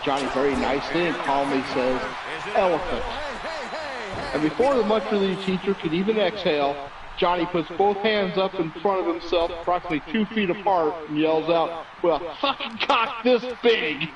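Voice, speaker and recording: A man's voice: fairly high pitch, fairly quick. A man co-hosting a wrestling show over an internet call, telling a long joke in a chatty, playful storyteller's manner. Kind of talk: casual chat and joke telling. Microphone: remote internet call. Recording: distant mic with loud crowd behind.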